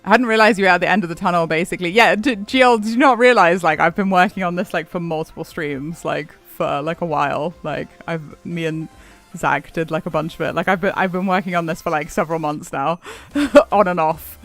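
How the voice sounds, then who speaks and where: With faint music underneath, a man chats his way through a game stream, rambling and laughing frequently in response to chat. His pitch is fairly high, his tone fairly bright, and he talks a bit quickly.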